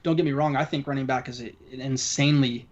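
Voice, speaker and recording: A man's voice: mid-range voice, steady tone, quick pace, dull audio. A man co-hosting a casual sports podcast, easygoing and hedging, full of "you know.". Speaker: podcast co-host.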